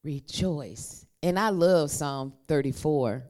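A woman delivering a sermon in an unhurried, easygoing way, calling on her listeners to repeat her words back to her. Her voice sits low, but her pitch climbs and falls a great deal as she preaches. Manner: lively, conversational, leads the congregation to repeat after her. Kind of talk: sermon with call and response.

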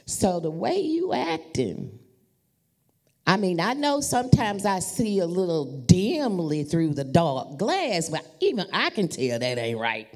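A woman preaching with a gravelly, slightly low voice. She takes her time, and her pitch swoops widely as she tells stories and calls out to the congregation. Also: measured pace. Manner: animated, addresses the congregation as y'all. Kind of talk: storytelling sermon.

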